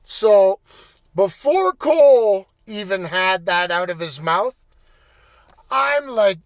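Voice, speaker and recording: A man telling a personal story in a casual, profane way, getting animated and raising his voice as he relives the anger. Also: high-pitched, takes it slowly, dry recording. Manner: animated, swearing, bursts into shouting when reliving anger. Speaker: storyteller recounting his playing days.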